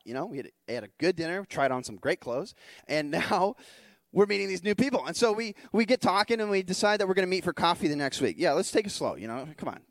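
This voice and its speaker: Guy worship leader telling a story in a sermon, talks fast, acts out the back and forth, lots of "right?". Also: sits high, no room sound. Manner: animated, chatty storyteller who acts out dialogue; frequent restarts and rhetorical "right?".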